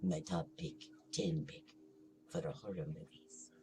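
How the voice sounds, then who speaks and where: A man's voice: extremely low pitch, level tone, measured pace. A man co-hosting a casual podcast chat, rambling and laughing as he loses his place. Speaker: podcast co-host. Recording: noisy room ambience.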